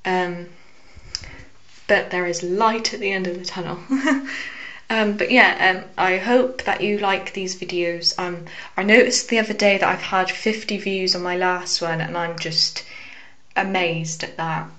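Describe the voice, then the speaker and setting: Young woman chatting to her vlog, lots of ums, goes soft on side comments. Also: on the low side, fairly even intonation, a little slow. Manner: hesitant, frequent fillers, drops to soft asides. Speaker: vlogger. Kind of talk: casual storytelling to camera.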